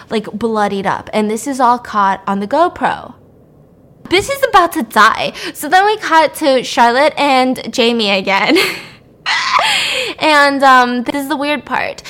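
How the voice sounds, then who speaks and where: High-voiced woman animatedly recapping a story. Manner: animated, laughing, profane, acts out quotes. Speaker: podcast host.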